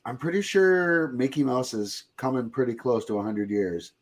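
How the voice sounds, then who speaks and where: A male podcast host in easy, casual chat. He jokes around and rambles, often stopping and restarting his thoughts with a laugh in his tone. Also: mid-range voice. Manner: joking, rambling, quick to laugh.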